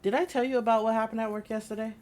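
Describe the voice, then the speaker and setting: A woman's voice: a little high, fairly even intonation, very fast, darkish tone. A woman streaming a game, chatting casually, rambling through stories and laughing often.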